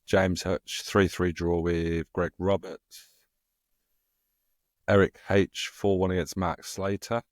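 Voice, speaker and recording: A man's voice: sits low, no echo, studio quality. A man co-hosting a casual darts podcast, reading match results steadily and chatting with his co-hosts. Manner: steady, unhurried, reads names out slowly. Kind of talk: casual chat.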